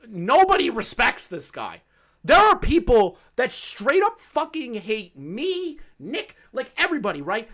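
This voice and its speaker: A man's voice: high-pitched, a bit bright. A man doing live-stream commentary, ranting with lots of swearing and frequent laughter. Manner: profane, ranting, laughs often.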